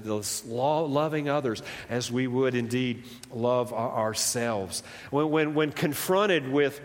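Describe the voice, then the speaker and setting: A male pastor from the United States with a light Southern drawl delivers his sermon in a conversational, animated manner, his voice rising and falling. His pitch sits at a middling level for a man. His words trail off into the long reverb of a church hall. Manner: conversational, animated preaching that swings up and down.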